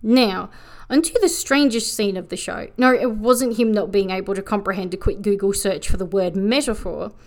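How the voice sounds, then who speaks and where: A woman giving a sarcastic, profane comedic recap of an anime, tossing off quick mocking voices for the characters. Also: medium pitch. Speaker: anime reviewer.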